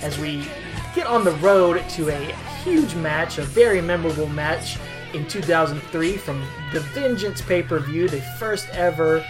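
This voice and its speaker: A woman's voice: sits low, lively intonation, moderate pace, music in the background. A woman hosting a podcast in casual chat, enthusiastic, wordy and playful. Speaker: podcast host.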